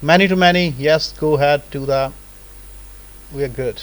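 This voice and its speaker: A man teaching a live software tutorial in a casual lecturing manner, often checking in with "right?" and "okay?". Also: on the high side, normal speed, rough recording.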